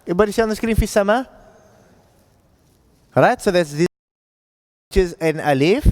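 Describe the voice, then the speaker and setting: A man with a fairly high voice teaches Quran recitation to a class. He talks casually and keeps checking that his students follow with a quick "right?". The sound rings with a long echo, as if recorded in a large hall. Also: animated, a little mellow. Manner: informal, checks understanding often with "right?". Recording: echoey classroom audio.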